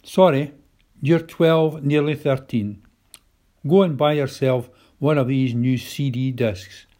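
A man's voice: mid-range voice, slow pace, warm tone, lightly acted. A man voicing a proud, courteous old male tramp who speaks in a posh, formal way.

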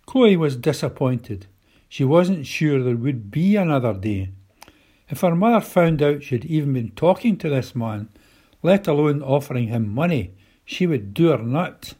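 A man reading a children's story aloud in a calm, measured way. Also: mid-range voice, slightly rough. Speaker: narrator.

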